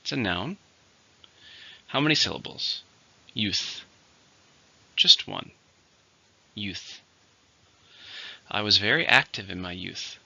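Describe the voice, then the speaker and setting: A man teaching English vocabulary in a scripted lesson, saying each word slowly and clearly and then repeating it. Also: lowish voice, bright, forceful tone, dry recording. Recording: dull lo-fi recording.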